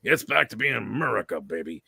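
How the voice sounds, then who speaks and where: A man's voice: mid-range voice, very animated, a little fast, vocal fry, bright, forceful tone, husky, dry recording. A man hosting an opinionated casual chat, talking emphatically and often repeating words. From Canada. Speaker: host.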